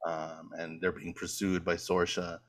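A man's voice: deep voice, monotone, a little slow. Chuckling man retelling a movie. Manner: rambling retelling, laughing often. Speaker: podcast co-host. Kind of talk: casual rewatch chat.

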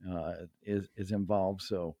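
A man co-hosting a podcast, chatting casually and reading odd news stories in a relaxed, chuckling, agreeable way. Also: sits low, unhurried, dry recording, clean studio sound. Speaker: podcast co-host.

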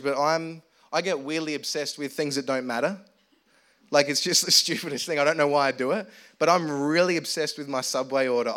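A young man delivers a sermon as a playful, self-mocking story. He jokes with his congregation and keeps it casual and chatty. His voice sits a touch high for a man. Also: a bit bright. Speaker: preacher.

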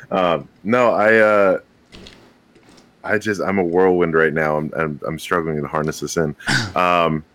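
A man's voice: low-pitched, steady tone, takes it slowly, long pauses, fairly bright tone. A young man guest on a podcast, telling a rambling story with casual swearing and frequent laughs.

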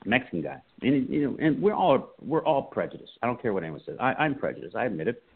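Husky-voiced man telling stories over a phone line. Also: medium pitch, fast. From United States. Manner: animated storyteller acting out quotes. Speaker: guest, comedian and writer. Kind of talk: casual interview storytelling.

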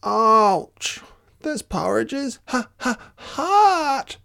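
A narrator voicing Baby Bear, a small whiny bear cub, with a high wailing voice close to tears, in a storybook read-aloud. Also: very animated, drawn-out words, gravelly, bright, forceful tone, heavily acted. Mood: hurt.

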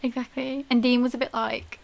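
Young woman, slightly high voice. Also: gravelly, poor audio. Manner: relaxed, laughs easily, quick agreeing replies. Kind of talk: casual chat.

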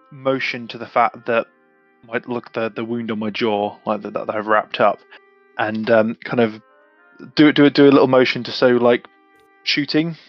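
A man's voice: medium pitch, dull audio. A man playing a tabletop game, talking casually and often repeating words as he stammers. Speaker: player.

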